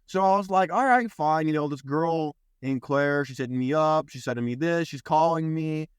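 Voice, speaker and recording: A young man hosting a podcast, telling a story in casual chat with loose swearing and quick impressions of other people. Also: a little high, clear, resonant tone, no echo, clean studio sound. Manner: animated, swears freely, mimics others in quotes. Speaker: podcast host.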